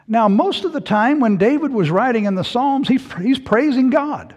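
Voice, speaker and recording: A man preaching a sermon as pastor, who takes on the pleading voices of the Bible's questioners in a hushed tone. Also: very high-pitched, animated, moderate pace, few pauses. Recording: long hall reverb.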